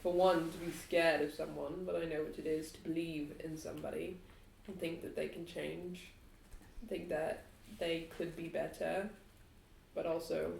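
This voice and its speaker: A woman's voice: sits low, vocal fry, a little mellow. A woman player in a tabletop game, speaking in character with an earnest, sincere manner. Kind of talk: tabletop role-play. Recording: echoey room, faint noise.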